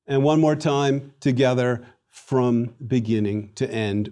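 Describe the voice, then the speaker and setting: A man giving a recorded Latin lesson, an animated, theatrical teacher who leads the class through repetition drills. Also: mid-range voice, normal speed, few pauses.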